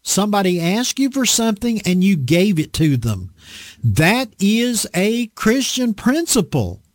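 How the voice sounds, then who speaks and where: Lively, folksy preacher man. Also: high voice, unhurried, no echo. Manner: folksy, emphatic, repeats phrases for effect. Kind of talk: conversational sermon.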